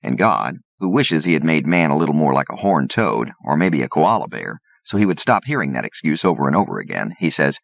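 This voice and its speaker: A man's voice: extremely low pitch, sing-song, fairly quick, vocal fry, few pauses, no echo. A man reading an audiobook aloud in a folksy, wry storytelling manner, on a dull, lo-fi recording. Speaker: audiobook reader. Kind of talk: scripted narration.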